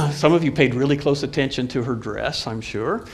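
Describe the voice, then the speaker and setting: A man, a college professor, lecturing a live audience in a friendly, halting way with frequent fillers and restarts. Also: mid-range voice, expressive, creaky.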